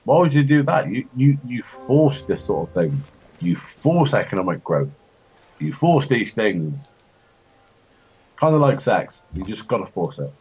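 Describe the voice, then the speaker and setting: A man chatting and joking while playing a strategy game, rambling, with sudden high-pitched outbursts. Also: big pitch swings, unhurried, darkish tone. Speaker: co-host of a gaming chat show. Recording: dull lo-fi home recording.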